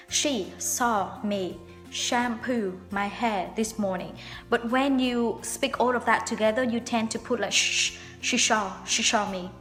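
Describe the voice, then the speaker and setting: A young woman hosts a relaxed English pronunciation lesson in a fairly high voice. She explains patiently and slows down to repeat example words. Her voice rings in a long reverb, with faint music playing underneath. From Vietnam. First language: Vietnamese. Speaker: English teacher, channel host. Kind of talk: casual video lesson. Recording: reverberant room with background music.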